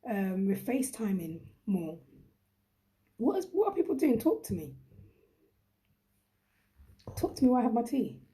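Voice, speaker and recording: A woman's voice: on the high side, very animated, normal speed, pauses often, warm tone. A young woman hosts a live chat with viewers, talking in a chatty, emphatic and encouraging way. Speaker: host.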